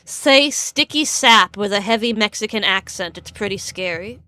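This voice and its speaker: A woman's voice: mid-range voice, lively intonation, moderate pace, pushed and bright, smooth. A woman streamer chatting casually, rambling and stammering with frequent laughs. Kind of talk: casual live-stream chat.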